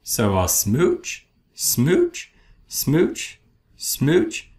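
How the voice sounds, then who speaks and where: A man voicing a glum male fish in a children's storybook, with sing-song rhymes and drawn-out blubs. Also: on the high side, wildly swooping pitch, a little mellow, voice pushed up, full character voice. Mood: cheery.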